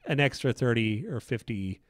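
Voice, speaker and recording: A man's voice: medium pitch, normal speed, no room sound, clean studio sound. A man, a lead game designer, chatting enthusiastically on a livestream, often restarting his sentences. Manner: rambling, enthusiastic, many restarts and fillers. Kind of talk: casual livestream chat.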